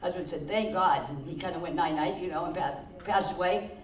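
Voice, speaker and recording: Older amateur stand-up, nervous and self-mocking, mid pitch, echoey hall sound from a distant mic. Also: brisk. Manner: self-deprecating, admits nerves, laughs at own punchlines. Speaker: talent show contestant. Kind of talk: stand-up joke telling. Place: senior center hall.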